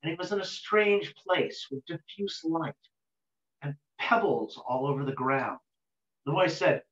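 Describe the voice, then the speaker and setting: A man telling a folk tale aloud in an unhurried, rhythmic way, with sudden lifts in his voice. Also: fairly high pitch, fairly bright tone. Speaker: storyteller. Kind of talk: oral folk-tale storytelling. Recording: roomy dull lo-fi recording.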